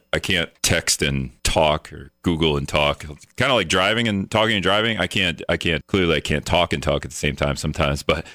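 A man hosts live talk radio from a studio, talking on his own in a loose, rambling way. His voice sits on the low side but sounds bright and forward. He trips over his own words, corrects himself and slips in sarcastic jokes, close to a dry microphone. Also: dry recording. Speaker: radio talk show host. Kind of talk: casual solo radio talk.

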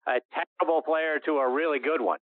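A man's voice: a little high, a little fast, no echo. A man hosting a radio interview who leads the guest with conversational questions. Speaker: radio show host. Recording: dry narrow phone-line sound.

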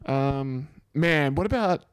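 A man's voice: fairly high pitch, animated, slow, clean tone. A man co-hosting a podcast, joking, teasing and swearing freely in crude casual banter. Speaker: podcast co-host.

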